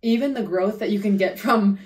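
A woman's voice: medium pitch, a little fast. Woman, podcast co-host, slight lisp, hyped casual chat, voice a little distant from mic. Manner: excitable, swears, heavy use of "like". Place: remote, away from home studio.

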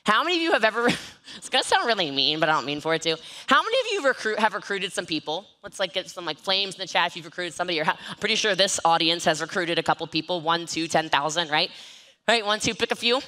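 A woman giving an energetic, joking motivational talk on network marketing from an event stage, often mocking herself. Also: on the low side, fast talker. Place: event stage with live and online audience.

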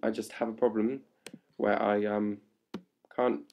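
A young man chatting live to fans on a webcam at home, hyper and playful and growing louder as he goes. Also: lowish voice, little pitch movement, a little slow, creaky, muffled recording, a little hiss or hum. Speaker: livestream host answering fan questions. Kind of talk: casual live webcam chat. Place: indoors at home. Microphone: laptop webcam mic.

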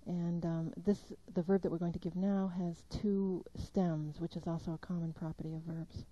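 A woman's voice: on the low side, flat delivery, moderate pace, dark tone, slight background noise. A woman working as a field linguist, plainly explaining the next items to record, with some hesitations. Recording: dull lo-fi 1990s tape.

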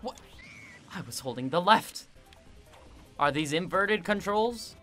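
Excitable young-sounding male gamer, bright voice. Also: high-pitched, soft background music. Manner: excitable, self-mocking, quick to vent. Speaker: gaming video creator. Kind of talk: casual gameplay commentary.

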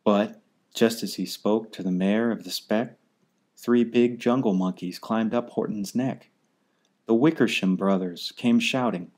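Guy reading a kids' rhyme book real slow, lowish voice. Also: a little mellow. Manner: unhurried rhyming delivery. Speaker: storybook reader. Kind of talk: children's story read-aloud.

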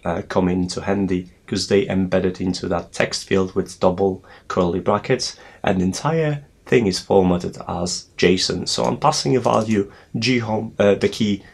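A man's voice: low-pitched, vocal fry, breathy edge. A man hosting a tech tutorial, explaining a setup step by step with frequent hesitations. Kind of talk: screen walkthrough tutorial.

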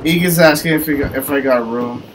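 A man's voice: fairly high pitch, fairly quick, heavy background noise. A man on a gaming voice chat, calling out enemies and swearing at flashbangs. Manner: shouting callouts, swearing. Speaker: gamer and channel owner. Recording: game gunfire and clicks behind.

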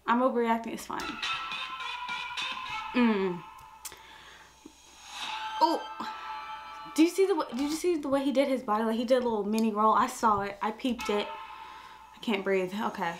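Young woman, reaction host, higher-pitched, slow and exclamatory, faint music bed. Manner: flustered, exclamatory, talks to herself. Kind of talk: casual reaction commentary. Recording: faint music playing behind the voice.

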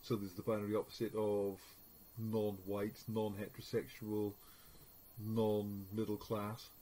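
A man's voice: fairly low pitch, little pitch movement, measured pace, dark tone, breathy edge, rough recording. A man giving an informal media studies lesson, hesitating often with fillers. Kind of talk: recorded lecture.

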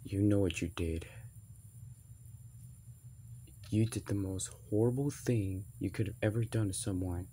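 A young performer voicing a sulky, injured toy boy who grumbles in a low voice during a toy play-acting video. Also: normal speed, warm tone, a little hiss or hum, natural voice.

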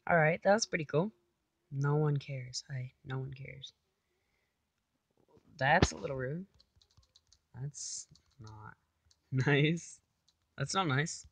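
A woman's voice: rumbling low, slow pace, gravelly, pauses often, slight background noise. A woman casually commenting on her own gameplay, chatty, talking to herself and repeating silly phrases. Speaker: gamer.

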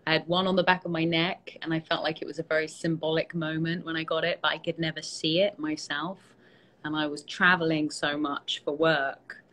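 A tired British woman, an actress, chatting casually with fans on a live stream, relaxed and self-deprecating, with many fillers, speaking into a phone held at arm's length. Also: sits low, a little fast, a little hiss or hum, poor audio. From Britain. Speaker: actress hosting a fan Q&A.

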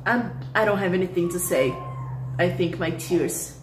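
A woman's voice: lowish voice, normal speed, noisy background. Gushing woman in an echoey room. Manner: gushing, excitable, breathless exclamations. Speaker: K-pop reaction host. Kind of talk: casual reaction commentary. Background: faint music from the clip.

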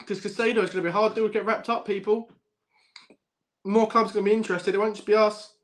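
Talking at a quick pace in a high, slightly bright voice with fairly even intonation, a young man runs a football fan livestream. He chats with viewers, swears heavily, laughs a lot, and throws in "bruv" constantly.

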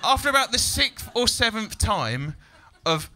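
A cheeky male stand-up comic on a club stage, talking into a handheld mic. His voice is bright and cutting, and his pitch leaps all over the place, and he shouts out his punchlines. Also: big pitch swings, moderate pace, faint music behind. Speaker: stand-up comedian. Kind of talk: stand-up set.

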